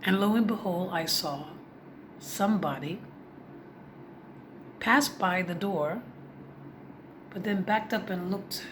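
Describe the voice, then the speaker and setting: A woman's voice: mid-range voice, slow, pauses often. A woman vlogger telling a personal story in a heartfelt, confiding way, speaking directly to her viewers. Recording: noisy background.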